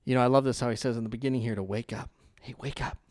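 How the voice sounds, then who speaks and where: A young adult man preaches in church, easygoing and conversational, mid-range in pitch. He tells stories with frequent laughs and swells into loud, animated retellings. The sound is dry, with little room echo. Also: very fast. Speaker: pastor. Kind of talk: sermon.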